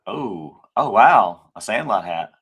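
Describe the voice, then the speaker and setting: A man's voice: fairly low pitch, lively intonation, slow, a bit bright, slightly rough. A man co-hosting a casual chat podcast, easygoing and agreeable, often chuckling along. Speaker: podcast co-host.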